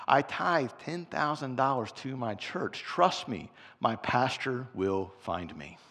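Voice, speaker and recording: A man voicing a calm, unbothered rich castaway in a joke. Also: mid-range voice, takes it slowly, long reverb tail, exaggerated voice.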